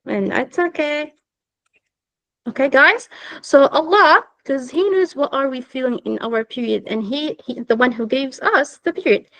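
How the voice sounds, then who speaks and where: A woman leads a girls' class over a video call. She explains things simply and gently, in a fairly high voice. The sound is close and dry. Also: normal speed, no room sound, low-quality recording. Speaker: teacher. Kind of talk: online religious class for girls.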